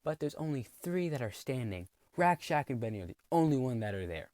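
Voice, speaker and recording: A man's voice: mid-range voice, big pitch swings, brisk, a little mellow, dry recording. A man giving a rambling comedic recap of a cartoon plot, full of snarky asides. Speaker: video narrator.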